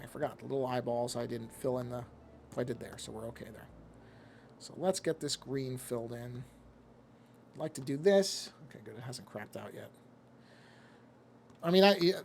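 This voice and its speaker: A man with a gravelly, medium-pitched voice streams live while he draws, with slight noise in the background. He chats casually to himself as he works, rambling from one thought to the next and easily getting sidetracked.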